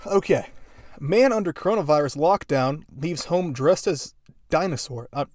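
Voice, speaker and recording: A man's voice: medium pitch, no room sound, studio quality. A young man hosting a podcast, telling stories in a rambling, amused way with lots of fillers. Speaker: podcast host. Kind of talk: casual storytelling.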